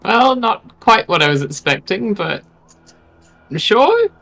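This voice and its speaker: A man's voice: high-pitched, big pitch swings, slow pace, vocal fry, pushed and bright, soft background music. A man playing a tabletop game, chatting casually and matter-of-factly about the rules and his dice rolls. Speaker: player.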